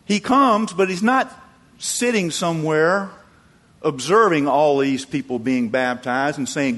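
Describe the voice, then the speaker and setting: A man preaching a sermon, acting out quoted voices and moving between loud emphatic peaks and low quiet asides. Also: a little slow. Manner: acts out quoted voices, chuckles. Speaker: pastor.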